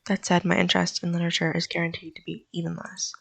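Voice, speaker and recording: A woman's voice: on the low side, completely flat delivery, quick pace, gravelly, few pauses, fairly bright tone. A woman hosting a gaming channel, reading a visual novel's narration aloud with dry, wry asides.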